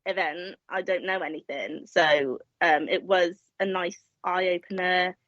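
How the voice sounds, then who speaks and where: A woman chatting as a guest on a podcast. She swears a lot, and her voice jumps high when she rants. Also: fairly even intonation, unhurried, a bit bright, no room sound. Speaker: special guest. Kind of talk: casual podcast chat. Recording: dry, muffled audio.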